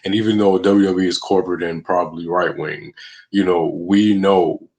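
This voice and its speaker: Male co-host, deep voice, confident and emphatic in casual chat. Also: steady tone, moderate pace, crowd noise. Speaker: podcast co-host.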